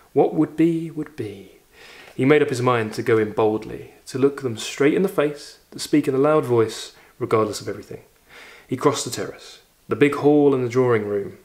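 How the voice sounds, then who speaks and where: A man reading a short story aloud as a literature teacher, lifting his voice for the characters' lines and pausing for reflective commentary. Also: medium pitch. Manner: expressive reading, raises voice for quoted lines, reflective asides.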